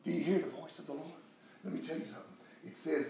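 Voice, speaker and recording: A man preaching a sermon, swinging from loud calls down to near whispers. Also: a little high, fast, vocal fry. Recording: echoey room with faint noise.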